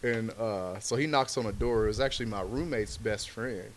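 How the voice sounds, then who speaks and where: A man's voice: lowish voice, moderate pace, slight background noise. A man, a comedian guest on a podcast, telling a story in loose, slangy talk full of filler words. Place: podcast studio.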